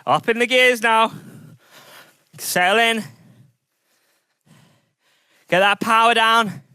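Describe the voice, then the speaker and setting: Energetic bright-voiced male cycling coach. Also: very high-pitched, unhurried, clean tone, dry recording, studio quality. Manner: energetic, encouraging, counting down intervals. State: sweating from exertion. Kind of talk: coaching a training session.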